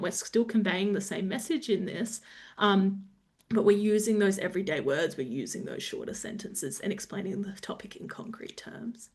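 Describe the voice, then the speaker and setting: An Australian woman presenting a webinar talk, explaining steadily with frequent pauses and small touches of humour. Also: medium pitch, a little mellow. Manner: explanatory, lightly humorous, with frequent "um".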